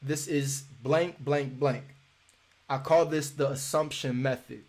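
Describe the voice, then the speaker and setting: A man's voice: mid-range voice, steady tone, slow pace, darkish tone. A young man teaching a live cold calling lesson in a casual, repetitive way, acting out sample phone calls.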